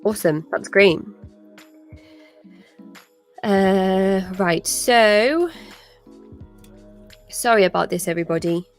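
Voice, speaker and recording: A woman's voice: medium pitch, slow, pauses often, faint music behind. A British woman hosting a live charity stream, chatting casually with lots of fillers and restarts. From Britain. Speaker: stream host.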